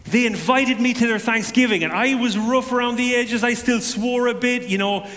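A man giving a personal testimony to a congregation, telling it as an animated story with self-deprecating humor. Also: extremely high pitch, normal speed, in a large hall.

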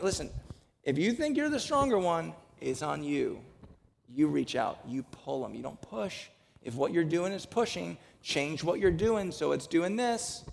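A man with a high, slightly mellow voice and some vocal fry preaches a sermon as pastor to his congregation. He jokes conversationally before pressing his point with emphatic exhortation. The recording carries a long hall reverb.

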